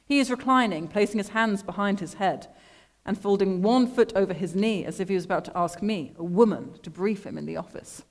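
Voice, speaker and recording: A woman artist reading her own literary text aloud to an audience in a measured, deadpan way, speaking into a microphone. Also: mid-range voice. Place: lecture room at an art school.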